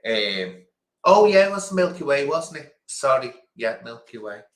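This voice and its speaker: A man's voice: medium pitch, sing-song, moderate pace, echoey room. A man hosting a casual quiz stream, chatting and rambling between questions. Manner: chatty, rambling, chuckling asides. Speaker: quiz host.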